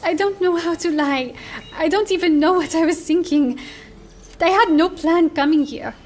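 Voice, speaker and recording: An actress playing an earnest, gentle young woman. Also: extremely high pitch, moderate pace. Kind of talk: game cinematic voice acting.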